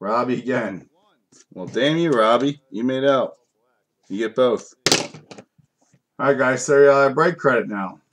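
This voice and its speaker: A man's voice: medium pitch, a little slow, pauses often, slight background noise. A man hosting a live sports card break, calling out cards in a frustrated, cursing, grumbling way. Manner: frustrated, profane, grumbling between card calls.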